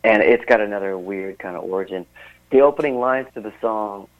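A man speaks as a musician guest on a call, his voice a bit low and squeezed thin by a phone line. He wanders through his stories in a relaxed, rambling way, full of fillers and restarts. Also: fairly quick. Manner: rambling, laid-back storyteller with many fillers. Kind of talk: casual interview chat.

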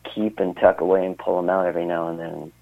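Heard over a phone line, a musician guest rambles through a story in a casual interview chat, leaning on many fillers. His voice sits low and is gravelly, with a level tone, and he talks fast.

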